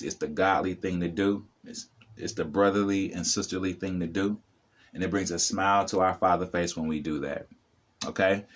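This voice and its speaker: A middle-aged man with a low-pitched voice speaks straight to the viewer as a spiritual vlogger. His motivational talk to the camera comes across as preachy and repetitive.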